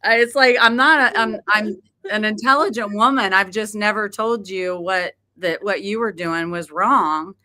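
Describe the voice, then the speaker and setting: A woman's voice: medium pitch, moderate pace, sharp tone. A middle-aged woman hosting a podcast, chatting casually and laughing often as she tells stories. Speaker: podcast host. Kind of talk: casual chat.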